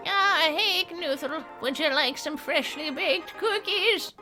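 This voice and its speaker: A woman putting on the voice of a kindly old grandmother who offers cookies, in a sweet, drawn-out way. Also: extremely high pitch, bright, forceful tone, soft background music, voice pushed up, full character voice. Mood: doting.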